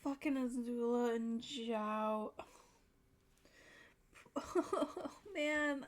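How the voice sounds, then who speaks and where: A woman's voice: fairly high pitch, very slow, pauses often. A young woman reacting to a show in casual commentary, emotional, teary and swearing freely. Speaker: reaction video host.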